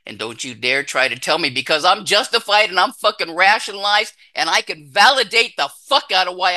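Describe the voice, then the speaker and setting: A man giving a raw, blunt, heavily profane recovery testimony that swings between intense outbursts and hushed confession. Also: high voice, lively intonation, a little fast, few pauses. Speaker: recovering addict sharing his story.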